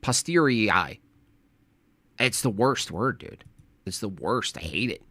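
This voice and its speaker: A man's voice: lowish voice, lively intonation, moderate pace, bright, forceful tone, slightly rough, no room sound. A man hosting a live stream, reacting to a debate clip in casual chat with a mocking, sarcastic manner.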